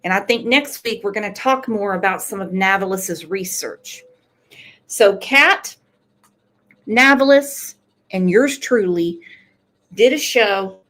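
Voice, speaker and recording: A woman's voice: medium pitch, a bit bright. A woman hosting a true crime channel, talking earnestly and directly to her viewers in casual commentary. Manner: slow, earnest, talks straight to viewers.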